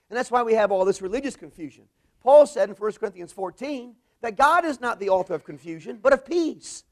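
A man preaching a sermon, swelling into emphatic bursts and dropping to quiet, low endings. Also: expressive, a little fast.

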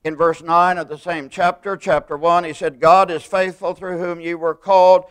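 A man preaching a sermon, stressing single words and slowing down to quote scripture. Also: high-pitched, level tone, clean tone.

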